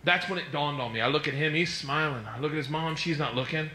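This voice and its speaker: A male stand-up comedian telling a story in an animated, giggly way, from an echoey club recording with audience noise. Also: fairly high pitch, fast.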